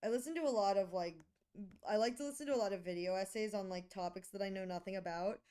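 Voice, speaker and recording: Bubbly streamer woman, smooth voice. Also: medium pitch, fast, warm tone. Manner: bubbly, playful, reads chat aloud. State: sick. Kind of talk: casual chat with stream chat.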